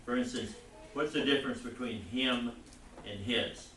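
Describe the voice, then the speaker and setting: A man teaching a Bible class, lecturing in a rambling, halting way and putting questions to the class. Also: medium pitch, pushed and bright, slight background noise. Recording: echoey classroom recorded from far off.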